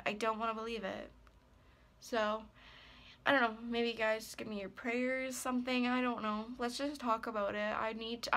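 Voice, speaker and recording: A woman's voice: on the high side, creaky, a bit bright. A woman in her twenties talking hesitantly and anxiously in a personal vlog, full of fillers and trailing off. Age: 20s. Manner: hesitant, rambling, many fillers. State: worried and upset. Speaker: ASMR creator.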